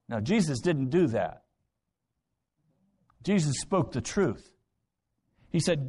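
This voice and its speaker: Male preacher, slightly high voice, dramatic sermon delivery acting out scripture scenes. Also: very animated, slow pace, pauses often, warm tone, slightly rough. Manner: dramatic preaching, voicing Bible characters with rhetorical questions. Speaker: pastor.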